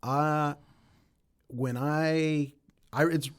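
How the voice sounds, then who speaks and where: A man's voice: on the high side, fairly even intonation, extremely slow. A man, a professional voiceover actor, chatting casually as an interview guest in a conversational, self-deprecating way.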